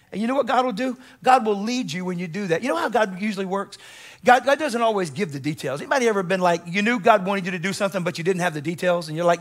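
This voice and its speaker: A man preaching in a church sanctuary, his voice pitched very high for a man and ringing bright. He fires rhetorical questions at the congregation, then sinks to near-whispers before surging back with passion. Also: fast talker. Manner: impassioned preaching with sudden soft drops and rhetorical questions. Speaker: guest pastor. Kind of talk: sermon.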